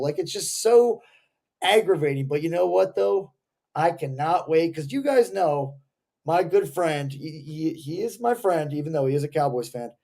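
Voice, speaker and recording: Young man, mellow tone, casual heated sports-fan co-host. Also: fairly high pitch. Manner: rambling, heated fan rants. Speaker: podcast co-host.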